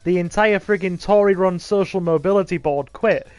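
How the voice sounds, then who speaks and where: A man's voice: high voice, a little mellow, dry recording. A man chatting casually and joking with friends on a gaming stream. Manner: playful, quick to joke and laugh. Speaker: streamer and co-host.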